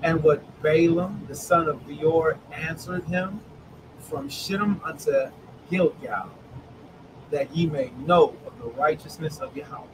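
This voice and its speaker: A man leads a Bible study over a video call, reading verses slowly and then asking the group what they think. His voice sits high and lively. Faint background noise can be heard behind him. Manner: animated, calls on listeners by name, reads scripture slowly. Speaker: preacher. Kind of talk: online Bible study sermon.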